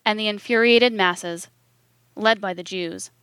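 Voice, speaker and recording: Lady reading a text aloud, slow and steady, super dry close sound. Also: medium pitch, smooth, no echo. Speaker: reader.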